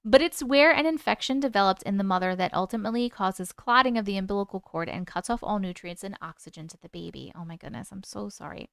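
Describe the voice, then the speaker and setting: A woman's voice: mid-range voice, fast, gravelly, few pauses, clear, resonant tone, no echo, studio quality. A woman hosting a live stream, reading viewer stories aloud and reacting with open emotion to the chat.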